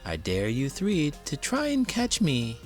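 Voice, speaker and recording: A man's voice: fairly high pitch, wildly swooping pitch, a little slow, soft background music, voice pushed up. A man voicing a sly runaway magic wok that sings its lines in a teasing singsong, in a storybook reading.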